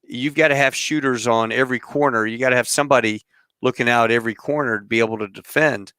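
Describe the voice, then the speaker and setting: Smooth-voiced male host, rambling. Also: medium pitch, fast, no room sound, studio quality. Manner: relaxed, rambling, many fillers. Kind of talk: casual chat.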